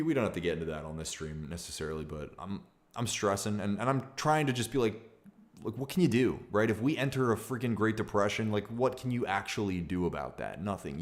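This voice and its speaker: A young male streamer with a very low voice talks candidly and loosely in casual livestream chat, as if thinking out loud. He circles back on himself with restarts and fillers and reads viewer comments aloud.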